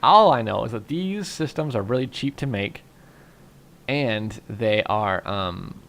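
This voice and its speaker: A man's voice: medium pitch, slow pace, slight background noise. A young man narrating a game casually and rambling through his thoughts with lots of fillers, tired and yawning. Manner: relaxed, rambling, thinks aloud with fillers. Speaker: gaming YouTuber. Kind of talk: casual Minecraft commentary.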